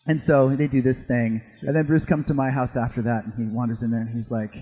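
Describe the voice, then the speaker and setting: Animated storyteller man with a husky voice. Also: mid-range voice, quick pace. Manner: animated, acts out others' voices with laughter. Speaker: startup co-founder. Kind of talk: storytelling in a stage interview. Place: event stage in a hall. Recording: long reverb of a hall.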